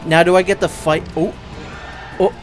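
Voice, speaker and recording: A man's voice: sits high, flat delivery, moderate pace. A man hosting a let's play, giving sarcastic, exasperated commentary on a game. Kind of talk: gameplay commentary. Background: game music.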